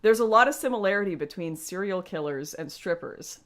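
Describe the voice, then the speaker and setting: A woman's voice: mid-range voice, animated, brisk. A young woman hosting a casual livestream, chatting to her viewers and laughing often. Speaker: livestream host.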